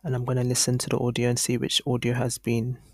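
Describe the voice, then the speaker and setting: A man walking through a screen-recorded software tutorial as an online course instructor, thinking aloud casually with frequent ums and restarts. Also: mid-range voice, completely flat delivery, fast, dry recording, studio quality.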